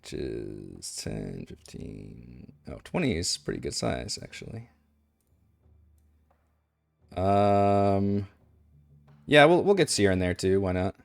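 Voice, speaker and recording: A man's voice: low-pitched, sing-song, slow, vocal fry, pauses often, no room sound. A man running an online tabletop game as game master, talking casually and thinking aloud with many fillers.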